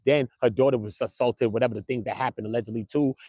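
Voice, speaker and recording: A man hosting a casual online commentary show, animated and slangy, talking straight to his viewers. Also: medium pitch, quick pace, no echo. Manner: animated, slangy, keeps calling viewers bro. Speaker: commentary channel host.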